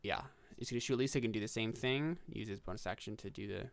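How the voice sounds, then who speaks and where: Man, dungeon master, gravelly voice, steady relaxed delivery, home mic on a call. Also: on the low side, quick pace, dry recording. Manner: relaxed, steady, calls out rolls and damage. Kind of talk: running a tabletop game online.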